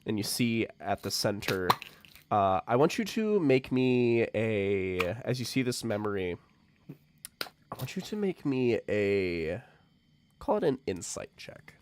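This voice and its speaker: A man narrating as dungeon master in a relaxed, laughing way, close to the mic. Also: on the low side, slow pace, slight background noise. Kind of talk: narrating a tabletop game.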